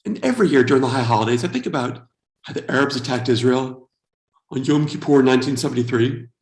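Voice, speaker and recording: A man's voice: medium pitch, animated, quick pace, darkish tone, echoey room. A man in his forties from the United States, doing a wry, self-deprecating stand-up comedy set. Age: 40s.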